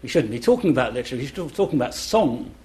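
At an indoor live event, a middle-aged classics scholar gives an enthusiastic, lecture-style talk on a festival panel, chanting rhythms aloud in syllables to demonstrate them. He speaks very fast and very animatedly in a medium-pitched, slightly mellow voice.

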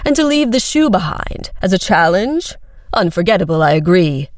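A woman putting on a spoiled young prince who purrs and sneers at everyone, his voice a bit brighter and tighter than the narrator's, sounding close and dry. Entitled and condescending, he brushes every objection aside in a storybook reading. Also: on the low side, very animated, moderate pace, dry recording. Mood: smug. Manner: smug, condescending, grabby.

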